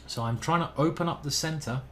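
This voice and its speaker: A man's voice: on the high side, fairly quick, fairly bright tone, a little hiss or hum. A man giving casual live-stream chess commentary, thinking aloud and chatting with his viewers. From United Kingdom.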